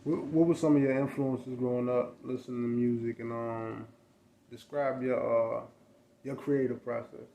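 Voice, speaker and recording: A man asks a rapper questions in a relaxed, unhurried way, pausing often. His voice stays flat with little rise or fall. Faint noise sits in the background. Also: medium pitch, gravelly. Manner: laid-back, hesitant with fillers. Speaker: interviewer. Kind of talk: casual interview questions.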